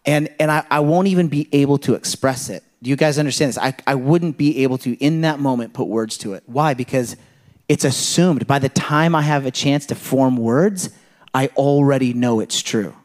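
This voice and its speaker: A man preaching a sermon in a conversational, animated way, full of rhetorical questions and illustrations from his home life. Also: mid-range voice, normal speed. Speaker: pastor.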